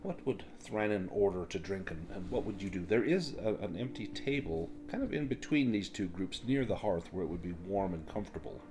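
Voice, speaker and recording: A man narrating as game master of a tabletop role-playing game, in a casual, halting way with frequent fillers. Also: sits low, lively intonation.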